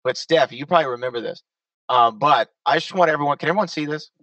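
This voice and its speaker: A man hosting a casual panel chat, talkative and quick to laugh. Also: fairly high pitch, pushed and bright, no room sound, distant mic, dull audio. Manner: chatty, laughs often. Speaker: host.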